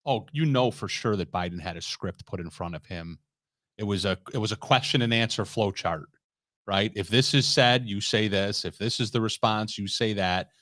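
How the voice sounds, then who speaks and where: A man co-hosting a casual political talk show, wry and quick with joking asides. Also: on the low side, fairly bright tone, no room sound, studio quality.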